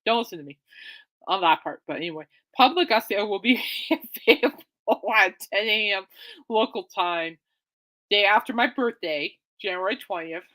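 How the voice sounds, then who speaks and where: An excitable woman rambles through her podcast in casual chat, correcting herself as she goes. Her voice is bright and sharp, with a mid pitch. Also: normal speed. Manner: chatty, excitable, self-correcting. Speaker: podcast host.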